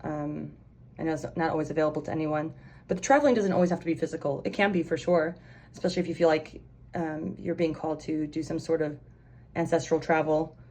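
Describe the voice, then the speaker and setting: A woman's voice: low voice, steady tone, fast talker, dark tone. A young woman giving a casual pick-a-card tarot reading, chatty and rambling, with lots of fillers and restarts. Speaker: tarot reader.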